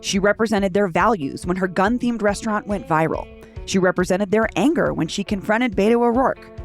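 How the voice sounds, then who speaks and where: A woman's voice: mid-range voice, a little fast, soft background music. A woman hosting a podcast, reading scripted narration with a pointed, dramatic delivery. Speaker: podcast host.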